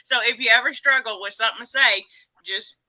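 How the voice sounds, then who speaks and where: A Texan woman hosts a live stream in a chatty, teasing way. Her voice is very bright and sits a little high for a woman. She keeps the talk moving and greets viewers by name. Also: a little fast, rough recording. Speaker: livestream host. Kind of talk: casual live-stream chat.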